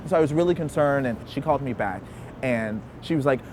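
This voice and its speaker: A young man from Memphis telling a personal story in a lively way, laughing often and acting out quotes. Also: mid-range voice, brisk. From Memphis, Tennessee. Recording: outdoor recording with street noise.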